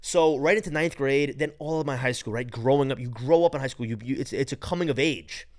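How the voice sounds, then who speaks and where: A man in his late twenties from Long Island with a New York accent, hosting a casual solo podcast in a profane, rambling, excitable way. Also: medium pitch, brisk, no room sound, studio quality. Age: late 20s. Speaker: podcast host.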